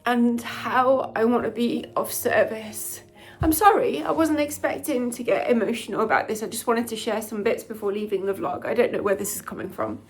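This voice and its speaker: Candid woman in her forties. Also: mid-range voice. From United Kingdom. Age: 40s. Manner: soft, candid and introspective, with sighs. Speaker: junior doctor and vlogger. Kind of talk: reflective vlog talk to camera.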